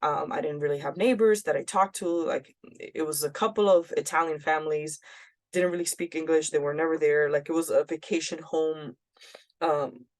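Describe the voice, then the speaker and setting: A woman's voice: deep voice, fairly even intonation, normal speed, darkish tone. A woman co-hosting a podcast, telling a personal story in a candid, blunt way and often quoting herself. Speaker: podcast co-host.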